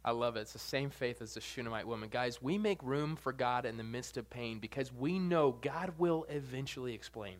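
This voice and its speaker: A man preaching a sermon in an animated, jokey way, swinging between soft and loud. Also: medium pitch, brisk, hardly any pauses.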